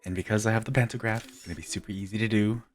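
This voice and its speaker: A man's voice: on the low side, fairly even intonation, very fast, faint music behind. Playful, self-mocking man giving game commentary. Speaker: gaming YouTuber. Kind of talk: casual gameplay commentary.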